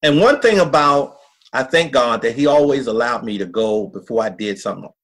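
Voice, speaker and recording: A man's voice: medium pitch, lively intonation, fairly quick, a bit bright, breathy edge. A middle-aged man, a pastor, telling a personal story in a podcast interview in an earnest, folksy way, acting out what others said. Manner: earnest, folksy storyteller who acts out quotes.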